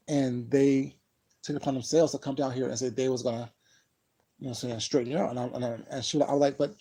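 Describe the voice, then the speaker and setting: A man's voice: mid-range voice, steady tone, fast, mellow, husky, poor audio. A man casually telling a personal story to his viewers, rambling and emphatic, with lots of "you know what I'm saying". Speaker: vlogger.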